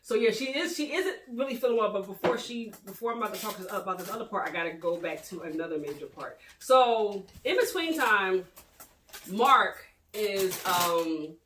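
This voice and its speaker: A woman hosting a casual book discussion, retelling the plot in a chatty, animated way with many fillers. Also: medium pitch, moderate pace. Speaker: host. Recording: echoey room, distant mic, faint noise.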